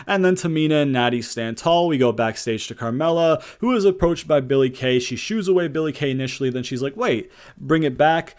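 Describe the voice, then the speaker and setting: A young man talks through a wrestling show in a loose, unscripted rant. His voice sits at an ordinary middle pitch, and he keeps jumping from loud, fired-up outbursts to low, grumbled asides, with plenty of swearing along the way. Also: smooth. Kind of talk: casual rant review.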